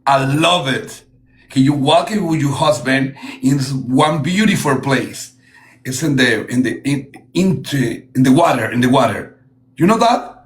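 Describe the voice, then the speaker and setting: In a casual livestream chat, a man hosting a livestream battle pours out compliments in broken English, dropping in Spanish phrases along the way. His voice is medium-pitched and his pace unhurried.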